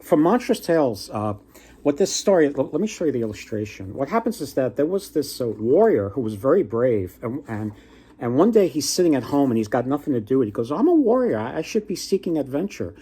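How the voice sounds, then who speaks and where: A man casually retelling a folktale on his book vlog, with a husky voice at a middling pitch. He talks in a halting way, pausing and restarting often. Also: big pitch swings, dark tone. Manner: halting, with many pauses and restarts. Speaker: book vlogger. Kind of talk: casual storytelling.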